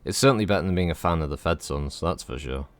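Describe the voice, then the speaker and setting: A man's voice: a bass voice, fast talker, slight background noise. A man giving casual, rambling commentary as he streams a game, swearing freely.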